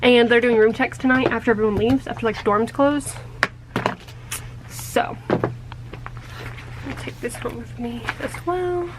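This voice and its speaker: College-age woman vlogger, chatty and rambling, high voice. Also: takes it slowly, pauses often, background noise. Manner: rambling, chatty, laughs when embarrassed. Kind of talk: casual vlog.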